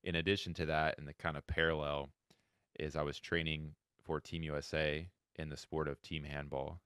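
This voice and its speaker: A wheelchair handball head coach in his thirties from Florida, USA, tells stories as a guest in a podcast interview, acting out quoted dialogue with animation. His voice is very deep and smooth, at normal speed. The recording is dry and studio quality.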